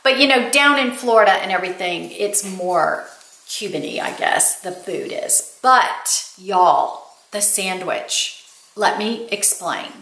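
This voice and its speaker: A woman's voice: medium pitch, expressive, takes it slowly, fairly bright tone. An older woman, telling stories to her viewers in a chatty, casual way. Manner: chatty storytelling, addresses viewers as y'all. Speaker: lifestyle vlogger. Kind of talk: casual chat. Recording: roomy echo.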